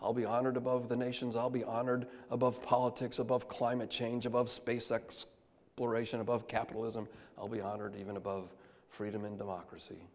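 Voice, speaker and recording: A man preaching a sermon, moving between soft, hushed lines and loud, emphatic calls. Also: medium pitch, flat delivery, fairly quick. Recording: long hall reverb.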